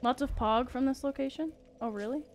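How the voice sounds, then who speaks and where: A woman's voice: high voice, brisk, slight background noise. A woman streaming a game, chatting playfully with viewers and giggling often. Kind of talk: casual gaming commentary.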